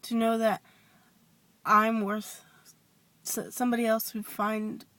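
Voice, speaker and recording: A woman telling a personal story in a confessional vlog, hesitant and rambling with many restarts, sometimes dropping to a soft whisper. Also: fairly high pitch. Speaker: vlogger.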